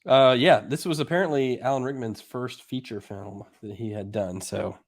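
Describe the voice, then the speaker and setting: A man's voice: mid-range voice, moderate pace. Upbeat man quizzing his co-host. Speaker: podcast co-host. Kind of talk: casual chat.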